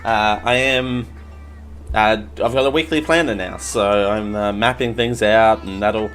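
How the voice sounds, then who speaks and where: A lowish, steady, slightly bright voice belongs to an Australian man hosting a podcast at a measured pace, soft music in the background. He chats casually for a live show, drifting off topic, joking at his own expense and restarting often.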